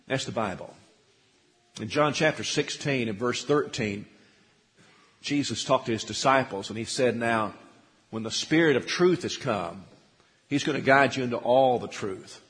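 A man's voice: mid-range voice, big-room sound. A man preaching a sermon, quoting scripture and asking his congregation questions, rising to emphatic peaks. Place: church sanctuary.

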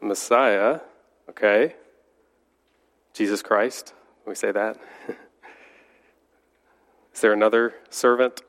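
A man's voice: on the low side, fairly even intonation, slow pace, pauses often, fairly bright tone. A man teaching a church Bible class, congested and slightly nasal from a cold, talking conversationally with fillers and restarts.

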